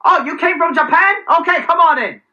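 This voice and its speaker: A man's voice: very high-pitched, fairly quick, highs cut off, voice pushed up. A man putting on the voice of a greedy, careless male border official who waves everyone through for their money. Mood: mocking. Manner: mocking, breezy then grasping.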